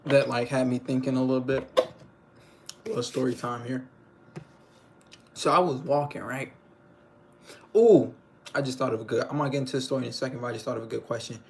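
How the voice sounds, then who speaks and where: A man's voice: mid-range voice, fairly even intonation, a little fast, pauses often, slight background noise. A young man hosting a casual livestream, rambling in slangy talk and often checking in with his viewers. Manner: rambling, slangy, keeps asking "you know what I'm saying". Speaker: livestream host.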